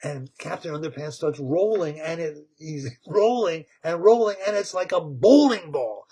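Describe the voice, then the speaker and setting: A man retelling a story with excitement, repeating words, laughing and tripping over tongue twisters. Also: a little high, normal speed, husky.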